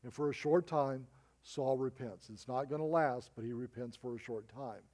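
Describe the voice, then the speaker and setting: Male pastor, middle-aged, sermon storyteller; relaxed, dark tone. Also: medium pitch, moderate pace. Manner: storytelling preacher with emphatic rises and drops.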